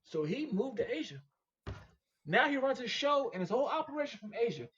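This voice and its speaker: With an extremely high-pitched voice and a brisk pace, a machine shop owner guests in a casual podcast interview, and the audio is dull. He speaks emphatically and with animation, circling back to his points in a sermon-like, repetitive way.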